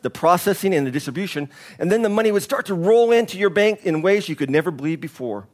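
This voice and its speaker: A preacher puts on a pushy businessman pitching big plans. He lectures with eager salesmanship and sits a little higher in his voice, an ordinary reading voice with no heavy disguise. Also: natural voice. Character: pushy male business school graduate.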